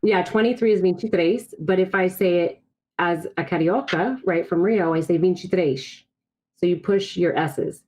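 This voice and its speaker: A woman's voice: on the low side, normal speed, a little mellow, poor audio. A woman from Brazil, a native Portuguese speaker, speaking as a podcast guest over a video call and telling her personal story in a candid, reflective way. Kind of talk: casual podcast conversation.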